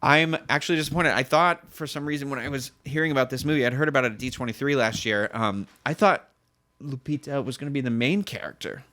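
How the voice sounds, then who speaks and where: A man co-hosting a casual pop-culture news show, rambling and correcting himself, with his voice jumping higher when he gets excited. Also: quick pace. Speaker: podcast co-host.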